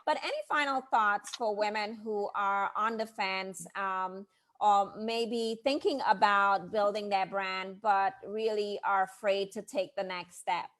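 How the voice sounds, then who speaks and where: A woman hosting an interview podcast as a brand coach, telling stories with lively quoted asides. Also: mid-range voice, a little slow. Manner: animated storyteller, quotes people in lively asides. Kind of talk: casual interview chat.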